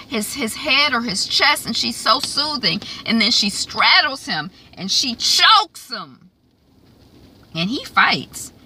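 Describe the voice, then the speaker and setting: A woman's voice: fairly high pitch, gravelly, pushed and bright, a little hiss or hum. A woman giving a casual, chatty recap of a TV episode. She fills her talk with ums and acts out the characters' lines. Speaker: TV recap reviewer.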